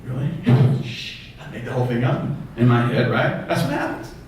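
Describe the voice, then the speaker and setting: A man giving a motivational talk as a therapist, animated, firing rhetorical questions at the audience. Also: medium pitch, brisk, slight background noise. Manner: animated, acts out quoted voices, fires rhetorical questions. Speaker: therapist and public speaker. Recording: echoey hall, voice from far off.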